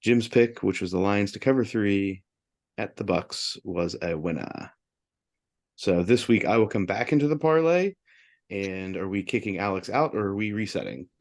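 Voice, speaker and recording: On a sports betting podcast, a male co-host with a fairly low, slightly mellow voice reads betting results. His picks come out in fast, upbeat bursts, and his tone stays casual and chatty.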